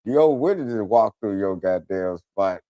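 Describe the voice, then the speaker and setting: A man's voice: on the low side, normal speed, heavy background noise. A man hosting a radio talk show, telling profane, comedic stories and often slipping into the voices of other people. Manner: animated storytelling, switches into voices of others.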